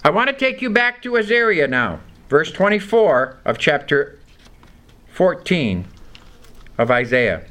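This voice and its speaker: A man's voice: a little high, very animated, unhurried, sharp tone. A man teaching a Bible study, reading scripture aloud and explaining it with questions to his listeners.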